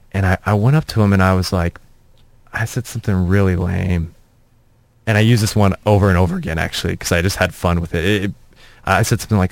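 Low-voiced young comedian, rambling. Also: male voice, no echo. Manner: rambling, self-mocking, trips over his words. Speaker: comedian, interview guest. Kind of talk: casual anecdotal storytelling.

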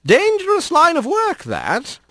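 A sly old fox trickster with a lilting, formal way of speaking and a voice that leaps high and drops low, as a man puts him on for a storybook. He sounds courtly and amused, with a dry, close sound. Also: wildly swooping pitch, a little slow, pushed and bright, no echo, exaggerated voice. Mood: teasing.

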